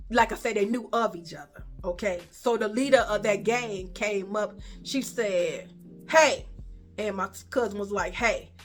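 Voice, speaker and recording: A woman with a Chicago accent telling a personal story in a casual storytime vlog, animated and profane, acting out the dialogue. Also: on the high side.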